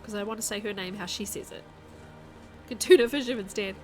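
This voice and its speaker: A woman with a soft New Zealand accent, chatting casually on a live game stream, reading chat aloud and thinking out loud as she plays. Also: medium pitch, fast talker, faint music behind.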